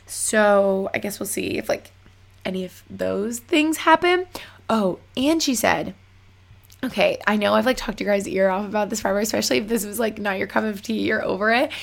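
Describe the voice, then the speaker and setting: A woman's voice: medium pitch, normal speed, gravelly. A young woman telling a story to her viewers in a chatty way, full of "like" and acted-out bits of conversation. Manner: chatty, fillers of "like", re-enacts conversations. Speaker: vlogger. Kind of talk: casual storytelling to camera.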